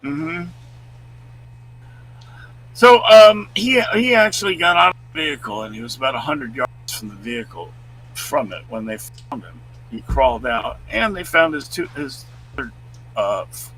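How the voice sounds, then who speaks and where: A man co-hosting a live stream, chatting casually and reading out news stories in a loud, booming voice. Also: animated, normal speed, poor audio. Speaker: co-host.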